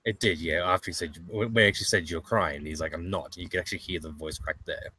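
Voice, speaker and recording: A man as a guest in a casual chat, relaxed and enthusiastic. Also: deep voice, fast talker, slightly rough, no echo. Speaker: podcast guest.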